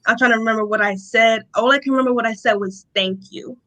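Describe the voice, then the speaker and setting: A young woman with a bright, forceful voice shares her personal testimony in an interview. She tells the story in a lively way and acts out what people said, with frequent laughter. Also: fairly high pitch, fast talker, rough recording. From Rochester, New York. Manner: animated storytelling, acts out quotes, laughs often. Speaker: interview guest.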